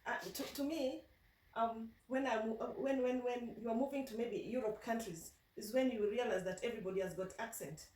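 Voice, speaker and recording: A woman with a Kenyan accent telling a story casually to camera, animated, laughing often and restarting her sentences. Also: a little high, brisk, reverberant, far from the mic, slight background noise, low-quality recording. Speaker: vlogger. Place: in the United Kingdom.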